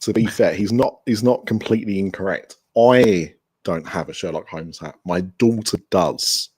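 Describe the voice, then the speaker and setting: Man, podcast guest, fairly low voice, eager and rambling, video call audio. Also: moderate pace, a little mellow, breathy edge. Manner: enthusiastic, rambling with restarts. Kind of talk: casual remote interview chat.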